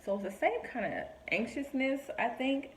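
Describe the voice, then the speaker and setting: A woman's voice: high voice, expressive, moderate pace, slight background noise, rough recording. A young woman talking earnestly to camera about her faith, encouraging listeners and acting out quoted voices. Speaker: vlogger sharing faith reflections. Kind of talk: heartfelt personal talk to camera.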